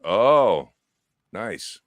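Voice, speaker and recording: An easygoing man trades jokes with his co-host on a casual live stream. His voice sits low. The sound is dry and close, with no room echo. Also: big pitch swings, extremely slow, fairly bright tone. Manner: joking, easygoing banter. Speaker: regular co-host of a live online show.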